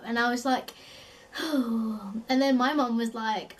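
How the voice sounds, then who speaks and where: A woman's voice: a little high, a little slow, recorded from a distance, low-quality recording. A young woman from London with a South East London accent, chatting casually as a vlogger, filling her talk with "like" and laughing often. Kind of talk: casual chat.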